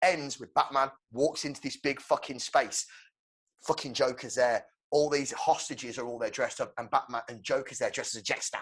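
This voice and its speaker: A man co-hosting a podcast, excitedly pitching a film plot with swearing and shouted sound effects. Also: normal speed, breathy edge. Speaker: podcast co-host. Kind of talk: animated movie-pitch storytelling.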